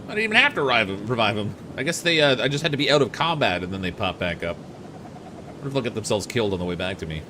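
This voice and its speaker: Chatty, lively young male streamer. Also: on the low side, fast, noisy background. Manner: chatty, laughs at himself. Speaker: gaming streamer. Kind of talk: let's play commentary. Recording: game sounds behind voice. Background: game sound effects.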